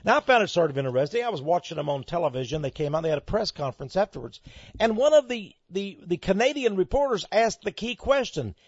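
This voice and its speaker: A man with a Texan accent hosts a radio talk show, his voice pitched high and swinging widely as he lays on emphasis and sarcasm. The sound is dry and dull, like a lo-fi broadcast recording. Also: big pitch swings, fast talker, husky, dry recording. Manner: emphatic, sarcastic, dramatic delivery. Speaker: radio host.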